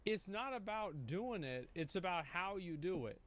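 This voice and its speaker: A streamer in his thirties reacts to a video with blunt, rambling commentary full of swearing. His voice is high-pitched and animated at a moderate pace, with background noise and clicking sounds.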